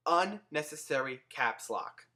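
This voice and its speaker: A young man ranting sarcastically into his own camera in a comedic vlog, animated and given to swearing. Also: fairly high pitch, a little slow. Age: young adult. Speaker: vlogger.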